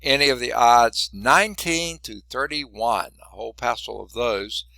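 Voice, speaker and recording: Male math instructor, folksy lecture delivery, gravelly and bright, dry sound. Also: medium pitch, unhurried, dry recording. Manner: folksy, chatty, asks the class questions. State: losing his voice. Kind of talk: classroom lecture.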